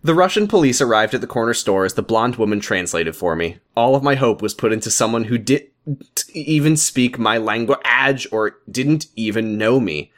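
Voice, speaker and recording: Male podcast co-host, wry comedic reader, lively pitch. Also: moderate pace. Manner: wry, joking asides. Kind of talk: comedic reading and banter.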